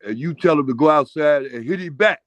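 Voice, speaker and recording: A man in casual chat who keeps cutting in to tell animated stories. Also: fairly high pitch, fairly quick, dry recording. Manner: animated, interjecting storyteller. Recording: dry muffled lo-fi recording.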